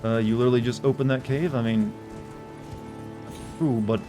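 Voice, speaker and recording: A man's voice: mid-range voice, steady tone, moderate pace, over music. A man casually commenting on his gameplay live, rambling and correcting himself as he chats with viewers. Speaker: game streamer.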